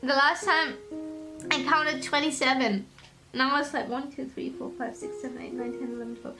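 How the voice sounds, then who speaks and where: A woman's voice: high voice, moderate pace. A young woman streamer in casual chat, rambling and giggly, tearful over a fictional character. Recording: stream audio with music behind.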